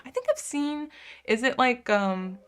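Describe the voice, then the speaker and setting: A young woman from the United States speaks unhurriedly in a fairly high, smooth voice whose pitch swoops wildly. She's live-streaming from home, chatting and answering comments with lots of "like," plus soft cooing asides to her cat.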